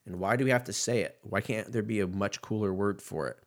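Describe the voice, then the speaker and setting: A man's voice: lowish voice, fairly quick. A man in his thirties hosting a casual solo podcast, rambling and swearing freely as he riffs. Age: 30s. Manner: rambling, profane, laid-back riffing. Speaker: podcast host.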